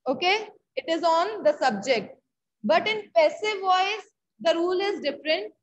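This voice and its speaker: High-voiced Indian English woman teaching. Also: lively intonation, unhurried, dull audio, slight background noise. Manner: repeats key words, checks with students often. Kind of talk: online class lesson.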